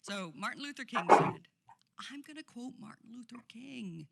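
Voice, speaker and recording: A woman's voice: on the high side, expressive, moderate pace, creaky, very noisy. A woman giving a passionate conference keynote speech, emphatic and laughing often, recorded in a conference hall. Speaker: keynote speaker.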